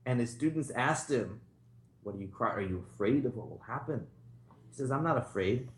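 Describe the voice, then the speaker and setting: A man's voice: medium pitch, expressive, moderate pace. A man teaching an informal Torah class, telling stories in a conversational way and putting questions to the class. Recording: roomy echo.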